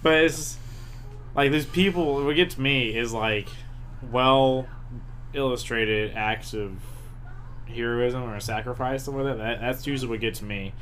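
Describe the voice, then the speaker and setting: A man with a bright, forceful voice, talking animatedly in a casual podcast chat. A faint hiss of noise sits under his voice. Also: mid-range voice, unhurried. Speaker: podcast co-host.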